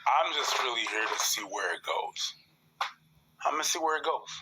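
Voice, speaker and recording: A man co-hosting a casual talk show who speaks fast and animatedly, acting out what others say. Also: mid-range voice, very noisy. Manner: fast, animated, acts out quotes. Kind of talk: casual discussion.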